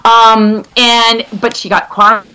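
A middle-aged woman, a guest in a conversation, telling stories in an animated, rambling way with many restarts. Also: fairly high pitch, takes it slowly, clean tone, poor audio. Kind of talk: conversational storytelling.

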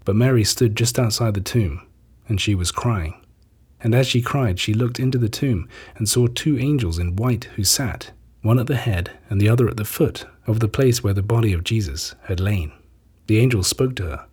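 A man reading scripture aloud in a measured, solemn manner. His voice is very husky and breathy, sitting fairly low. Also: lively intonation, darkish tone. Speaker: scripture reader.

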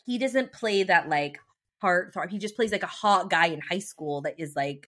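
A woman's voice: fairly low pitch, expressive, moderate pace, a bit bright. A young woman co-hosting a podcast, chatting casually and gushing, with lots of filler words. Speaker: podcast co-host. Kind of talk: casual chat.

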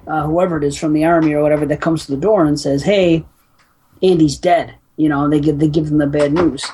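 A woman's voice: sits low, darkish tone, slightly rough. A woman co-hosting a podcast, chatting casually and profanely about a film and laughing often. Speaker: podcast co-host. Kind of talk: casual chat reviewing a film.

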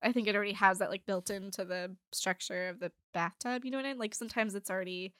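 Woman in her 40s, casual storyteller, bright sharp voice, dry close sound, swears freely. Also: mid-range voice, fairly even intonation, fast talker, dry recording. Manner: candid storytelling, swears, laughs often. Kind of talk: casual chat.

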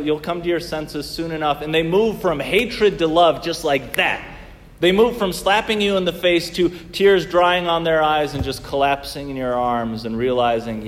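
A man preaching a sermon as a priest, earnest, rising to loud emphasis and dropping to a near hush. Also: a little high, big-room sound. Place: church.

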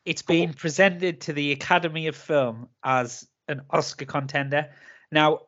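A man's voice: on the high side, fairly even intonation, a little slow, fairly bright tone, lo-fi sound. A man with a Geordie accent chatting casually as a podcast co-host, jokey and chatty. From North East England. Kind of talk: casual chat.

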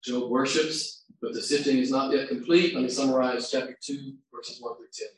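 Preacher in a big echoey hall. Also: male voice, medium pitch, steady tone, moderate pace, a little hiss or hum. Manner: swings from quiet and reflective to loud and shouting. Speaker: pastor. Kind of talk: sermon. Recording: very echoey hall, distant mic.

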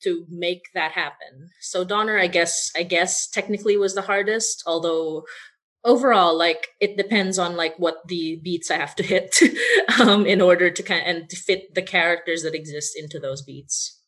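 A woman's voice: on the low side, moderate pace, fairly bright tone. A woman who writes and voices an audio drama, chatting casually with frequent laughs and rambling asides. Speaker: podcast writer and voice actor. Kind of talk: casual behind-the-scenes chat.

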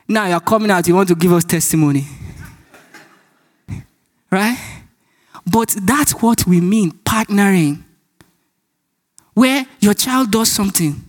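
Animated Nigerian man preaching. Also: sits high, moderate pace. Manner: animated storytelling, acts out dialogue, laughs often. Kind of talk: sermon.

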